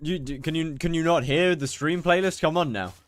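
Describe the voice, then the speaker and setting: A man's voice: fairly high pitch, brisk, no echo. A young British man chatting casually on a live stream while gaming, rambling and mocking himself as he reads out chat.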